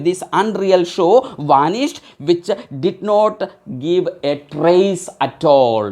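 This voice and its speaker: A woman with a notably deep voice teaches an online literature class. She reads quoted verse slowly and deliberately, then goes back over it phrase by phrase in plain words. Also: a little mellow. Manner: reads lines then explains them word by word.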